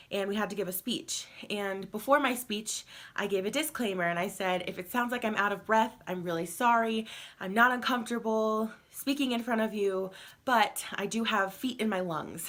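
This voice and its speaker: A young woman, heavily pregnant and tired, chats through a casual vlog update. Her voice is bright and clear, her talk loose and rambling with lots of fillers, and she laughs easily. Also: mid-range voice. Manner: chatty, rambling, laughs often, many fillers. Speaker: vlogger.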